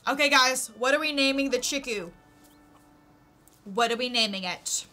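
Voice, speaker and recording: A woman's voice: sits high, normal speed, bright, forceful tone, soft background music. A woman from Texas chatting casually with her live-stream chat while playing a farming game, giggling often.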